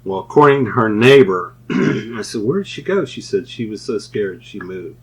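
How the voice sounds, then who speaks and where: A man's voice: lowish voice, normal speed, slightly rough, low-quality recording. A man telling rambling paranormal anecdotes on a casual radio show, often laughing at his own stories. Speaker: paranormal investigator, show regular. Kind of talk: casual storytelling chat.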